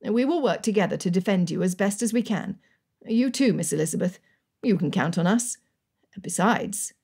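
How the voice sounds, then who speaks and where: A woman's voice: medium pitch, animated, normal speed, darkish tone, husky. A woman voicing a jovial, loyal Regency army colonel in an audiobook, joking and firm by turns. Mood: reassuring. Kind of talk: audiobook character reading.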